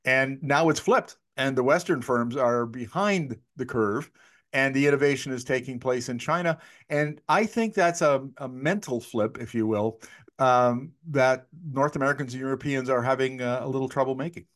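A man in his sixties conducts a conversational interview, chatty and anecdotal, often restarting his sentences. He has a mid-range, fairly bright voice and a moderate pace.

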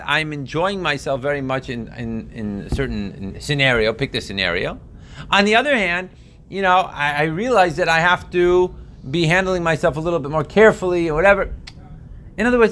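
A man's voice: fairly high pitch, a bit bright, a little hiss or hum. A man teaching a text-based class in a conversational way, often checking in with his listeners and trailing into asides. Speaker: Torah teacher. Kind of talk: casual explanatory class.

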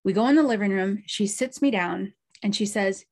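A woman's voice: mid-range voice, normal speed, few pauses, a little mellow. A middle-aged woman, a medium and podcast host, telling a story in a chatty way with asides and small laughs. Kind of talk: storytelling monologue.

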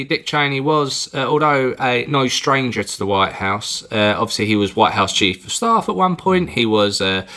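A man's voice: mid-range voice, pushed and bright. A man from England co-hosting a podcast, chatting casually and rambling through a film review, with the odd swear word. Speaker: podcast co-host.

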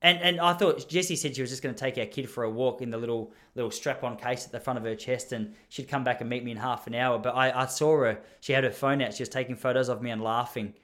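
A man's voice: mid-range voice, fairly even intonation, fast, few pauses, fairly bright tone. A young man with an Australian accent telling a comic story in a rambling, self-mocking way, as a podcast host.

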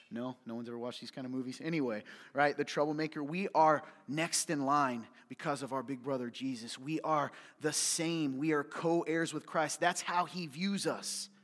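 A man preaching a sermon as pastor, passionate, dropping to hushed near-whispers and then rising to loud, urgent appeals. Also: mid-range voice. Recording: reverberant hall.

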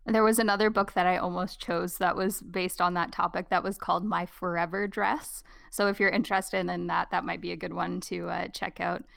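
A woman co-hosting a podcast, reading a picture book aloud and leading a casual discussion in an expressive way. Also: fairly low pitch, fairly quick, vocal fry, few pauses. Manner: expressive, animated. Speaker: podcast co-host.

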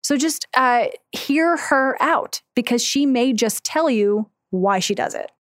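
A woman's voice: high-pitched, animated, slow, dry recording, clean studio sound. A woman co-hosting an advice podcast, walking through steps and acting out sample scripts in casual chat. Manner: gives step-by-step advice, reads sample scripts aloud.

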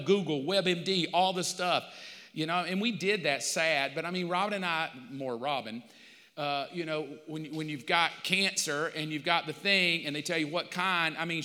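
A middle-aged pastor preaching a sermon, telling a personal story with animated back-and-forth dialogue. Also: male voice, high voice. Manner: animated storytelling, acting out both sides. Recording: long church reverb.

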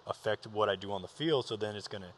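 A man's voice: on the low side, fast talker, slight background noise. A young man, a pro ballplayer, talking candidly and earnestly about his faith with many restarts. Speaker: professional baseball player, guest.

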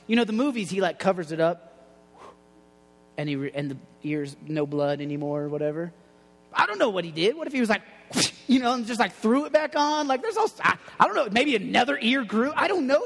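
A man preaching a casual sermon in a loose, slangy way, going soft and low on quoted lines. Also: in a large hall. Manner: conversational, slangy, drops quiet for quoted lines.

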